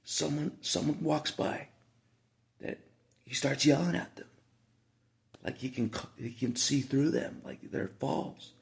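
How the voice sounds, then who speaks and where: Man, gravelly fry-heavy voice, rambling casual monologue, lots of repeats and asides. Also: medium pitch, steady tone, slow pace, long pauses.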